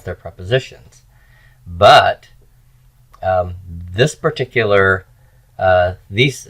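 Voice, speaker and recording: A man's voice: lowish voice, fairly bright tone, poor audio. A man teaching Hebrew grammar in a recorded lecture, explaining step by step and chanting word forms for students to repeat.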